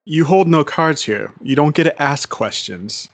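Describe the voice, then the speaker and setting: Man playing a gruff bugbear jailer, huge and scarred, blunt interrogator, tabletop role-play, dry close sound. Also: on the high side, expressive, a little slow, dry recording. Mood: menacing.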